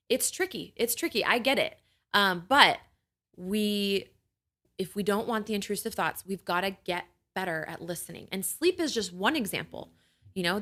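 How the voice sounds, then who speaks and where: A young adult woman with a medium-pitched, slightly bright voice hosts a podcast and speaks casually to new mothers. Her tone is reassuring and conversational, and she says "like" a lot while checking in with "right?".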